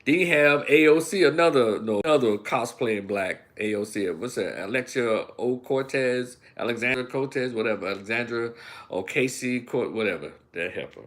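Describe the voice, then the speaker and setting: A man's voice: mid-range voice, moderate pace. A middle-aged man from Memphis with a Southern American accent, hosting a ranting opinion commentary and talking folksily to his listeners. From Memphis, United States. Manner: animated, acts out voices and imitations; folksy, addresses listeners as y'all. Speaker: commentary channel host.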